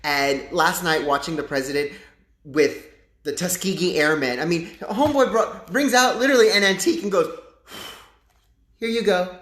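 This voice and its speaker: A man hosting a casual live stream with political commentary, talking in a chatty, animated way full of rambling asides into his phone's front camera. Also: sits high, normal speed, roomy sound. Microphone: phone front-facing camera.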